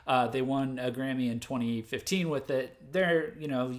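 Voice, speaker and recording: A man's voice: medium pitch, steady tone, normal speed. A man from the United States hosting a music news livestream, talking off the cuff with lots of fillers, restarts and self-corrections. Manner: laughs at his own mistakes. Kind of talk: unscripted livestream commentary.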